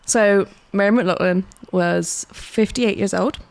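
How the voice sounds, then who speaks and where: A woman's voice: mid-range voice, slow pace, creaky, darkish tone, slight background noise. Laughing, swearing British woman podcaster. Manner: laughs a lot, swears freely. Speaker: podcast co-host. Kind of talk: casual chat, true crime storytelling.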